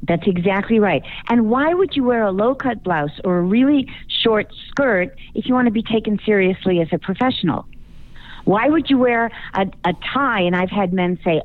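A woman's voice: mid-range voice, expressive, moderate pace. A woman from Chicago, a guest speaking coach in a radio interview, giving confident, emphatic advice. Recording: phone-line call.

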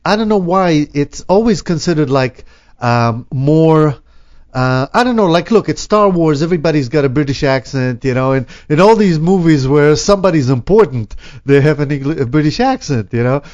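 A man's voice: fairly high pitch, lively intonation, moderate pace, darkish tone. A man hosting a morning radio talk show, chatting casually with many fillers. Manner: laid-back, many fillers. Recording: dull lo-fi radio audio.

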